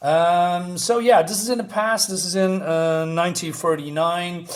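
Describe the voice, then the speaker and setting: A man recapping a comic book plot in a casual video review, full of pauses and fillers. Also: high voice, steady tone. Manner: hesitant, many fillers while retelling a plot.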